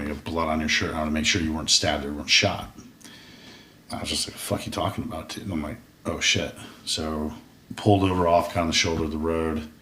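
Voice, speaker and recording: A man's voice: rumbling low, pushed and bright, slight background noise. A man guest on a podcast, telling a rambling, profane story with many restarts in a casual interview. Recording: roomy echo, distant mic.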